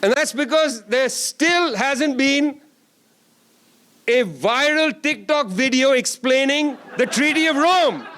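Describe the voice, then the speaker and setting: A man's voice: very high voice, takes it slowly, pushed and bright. A man giving a closing keynote at a conference, speaking emphatically with sarcastic asides and repeated lines. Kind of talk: political speech. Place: conference hall.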